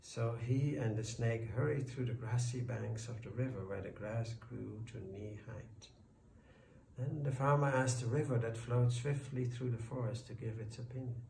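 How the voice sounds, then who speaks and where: Slow gravelly male storyteller. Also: mid-range voice, dark tone. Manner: slow, deliberate. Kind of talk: scripted folk-tale narration. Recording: roomy, distant, faint background noise.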